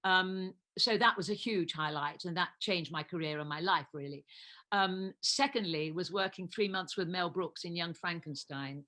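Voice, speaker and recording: Chatty woman in her seventies, bright voice. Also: fairly low pitch, moderate pace. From England. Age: 70s. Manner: chatty storytelling, laughs often. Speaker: guest actress. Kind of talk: casual chat.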